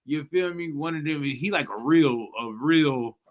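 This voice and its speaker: A young man teaching a live-streamed scripture class, talking in animated street slang and often asking "you know what I'm talking about". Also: a little high, unhurried. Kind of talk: casual slangy preaching commentary.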